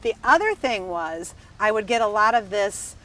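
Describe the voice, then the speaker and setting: A woman from Wisconsin, a restaurant dining room manager, telling stories in a lively, emphatic casual chat. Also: mid-range voice, normal speed. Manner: animated, emphatic storyteller. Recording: slightly distant mic, faint background noise.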